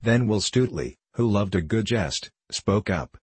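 Male audiobook narrator, deep and slightly husky, measured storytelling, dry booth sound. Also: lively intonation, dry recording. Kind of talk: storybook reading.

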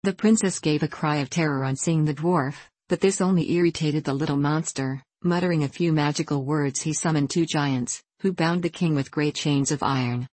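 A narrator reading fairy tales aloud in a measured, expressive way. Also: medium pitch, no echo. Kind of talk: storybook reading.

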